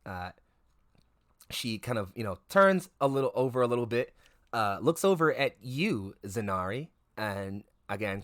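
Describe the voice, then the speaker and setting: A man's voice: fairly low pitch, a bit bright, no echo, clean studio sound. A man narrating a tabletop game as game master, rambling with lots of fillers and restarts. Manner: rambling, filler-heavy, self-correcting.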